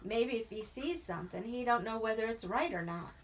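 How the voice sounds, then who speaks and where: A woman's voice: fairly high pitch, lively intonation, brisk, slight background noise, natural voice. A woman voicing a lonely, bitter older male ranch hand, with an earnest, probing rural drawl in an audiobook reading.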